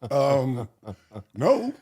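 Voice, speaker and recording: A middle-aged male actor, appearing as a guest, tells casual stories in a mid-range voice at a very slow pace. He's animated and acts out the voices of the people in his tales.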